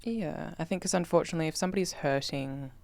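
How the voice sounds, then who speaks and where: A woman co-hosting a podcast, soft-spoken and thoughtful, mostly agreeing in casual chat. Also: deep voice, fast talker, vocal fry. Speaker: podcast co-host.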